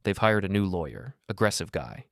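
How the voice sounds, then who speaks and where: A man voicing a calm, capable male lawyer in a story, brisk and reassuring. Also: low voice, creaky, no room sound, clean studio sound, full character voice. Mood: businesslike.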